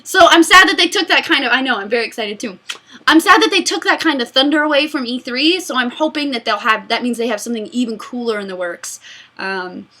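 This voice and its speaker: A woman in her mid-twenties hosting a casual fan Q&A, excitable and giggly, rambling between answers. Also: a little high, a little fast. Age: mid-20s. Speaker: YouTube host answering fan questions. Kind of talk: casual Q&A chat.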